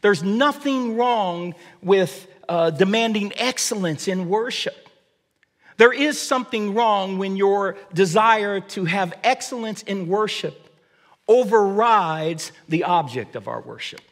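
High-voiced man preaching in church reverb. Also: takes it slowly. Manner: preaching with repeated restarts. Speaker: pastor. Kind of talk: sermon. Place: church sanctuary.

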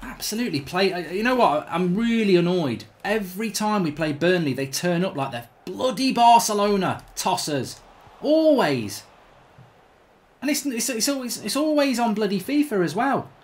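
A man's voice: high voice, animated, normal speed. Exasperated man commentating gameplay. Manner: exasperated, swearing, groaning at his team. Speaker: gaming channel host.

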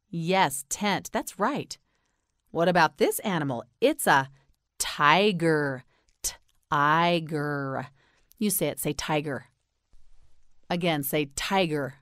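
Very slow, patient American woman teacher. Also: lowish voice, no echo, studio quality. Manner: patient, encouraging, repeats each word clearly. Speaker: English pronunciation teacher. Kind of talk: slow scripted language lesson.

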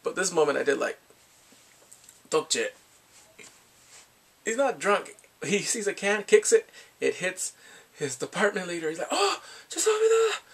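A man recapping a drama in casual chat, excitable, often laughing and sighing as he acts out the characters' lines. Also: sits high, unhurried, gravelly, pauses often, breathy edge. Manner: excitable, quotes characters in lively voices, laughs and sighs often. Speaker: drama reviewer.

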